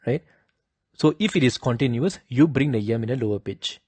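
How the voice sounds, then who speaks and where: A man teaching the pitch accents of a devotional chant, explaining slowly and patiently and chanting drawn-out higher examples. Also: animated, dark tone, slightly rough, no room sound.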